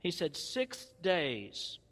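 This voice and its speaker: A man's voice: fairly high pitch, wildly swooping pitch, very slow, fairly bright tone, in a large hall. A man with a Southern US accent preaching a sermon, folksy and conversational with playful asides. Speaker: pastor. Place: church.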